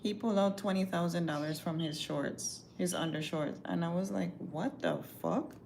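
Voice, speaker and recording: Gravelly woman telling a story. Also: fairly low pitch, moderate pace, slight background noise. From Caribbean. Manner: animated, profane, chatty, acts out quotes. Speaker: livestreamer. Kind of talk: casual storytelling livestream.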